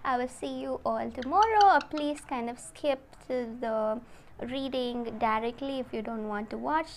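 A woman giving a casual tarot reading, talking gently and emotionally to her viewers. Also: a little high, unhurried, a little hiss or hum. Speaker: tarot reader.

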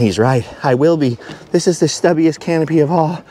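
A middle-aged travel vlogger walks a high treetop trail in a forest, chattering nervously to the camera. Breathless from nerves, he's jittery and self-mocking, laughing often and repeating his worries. His voice is warm at a normal speed, with slight background noise.

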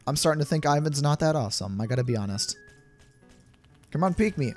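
A man's voice: medium pitch, expressive, quick pace. A young man giving playful gameplay commentary, laughing often as he reacts. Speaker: gaming YouTuber. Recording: game music playing faintly behind.

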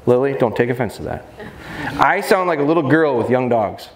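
Animated man teaching in an echoey hall. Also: mid-range voice, brisk, crowd noise. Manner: animated, demonstrative, jokey. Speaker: dog trainer. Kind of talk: live seminar talk. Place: expo seminar hall. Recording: echoey hall, faint background noise.

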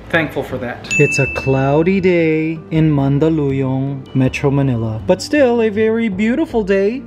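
A man hosting a casual vlog at home, playful and animated, his voice jumping up high when he gets excited. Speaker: vlogger host. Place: apartment indoors.

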